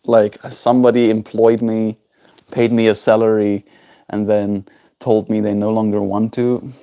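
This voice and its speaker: A man chatting casually on a live stream from home in a gentle, unhurried way, talking to his pet and answering viewer comments. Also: on the low side, level tone, clean tone. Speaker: livestreamer.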